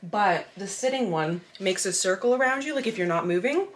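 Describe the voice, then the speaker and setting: A woman's voice: mid-range voice, animated, fairly quick. A woman, a mom vlogging at home in easy casual chat that is full of "like". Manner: chatty, peppered with "like".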